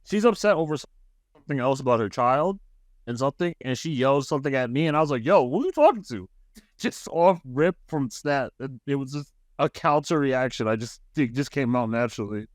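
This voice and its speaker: A man with an average-pitched voice chats on a podcast, telling a loose, rambling story and laughing as he goes. The mic is close and the sound dry. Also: fairly quick, dry recording. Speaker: podcast co-host. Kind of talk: casual storytelling chat.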